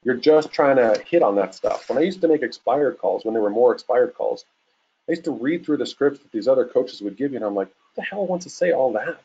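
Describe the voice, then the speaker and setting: A man in his forties giving a casual webinar talk as a real estate coach, acting out phone calls in a lively way. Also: medium pitch, brisk, husky, dull audio. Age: 40s. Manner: casual, animated, acts out calls.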